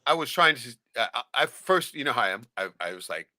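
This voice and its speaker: Profane, animated man telling a story. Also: medium pitch, fast talker, no echo. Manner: profane, animated, keeps asking "right?"; acts out quoted voices, shouting them. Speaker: podcast host. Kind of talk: casual storytelling chat.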